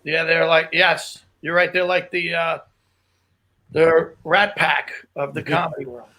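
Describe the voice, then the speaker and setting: A man with a high, bright voice co-hosts a podcast. He chats casually, agrees readily and hesitates often with fillers. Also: level tone, measured pace. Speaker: podcast co-host. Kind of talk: casual chat.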